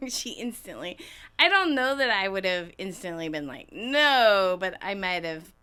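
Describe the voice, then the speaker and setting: A woman's voice: mid-range voice, animated, moderate pace, bright, forceful tone, clean tone. A woman co-hosting a podcast in casual chat. She giggles often and swears freely. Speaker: podcast co-host.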